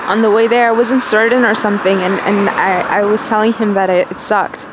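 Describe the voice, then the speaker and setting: A young woman in a personal voice diary, miserable and rambling, halting with many fillers and restarts. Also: mid-range voice, flat delivery, noisy background.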